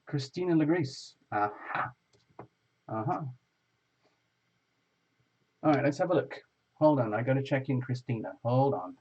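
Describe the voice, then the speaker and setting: A man with a husky voice, chatting casually and playfully on his own livestream. He rambles from one thing to the next as he talks to viewers. The stream audio is dull and lo-fi. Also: medium pitch, unhurried, long pauses, a little mellow. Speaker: tarot channel host.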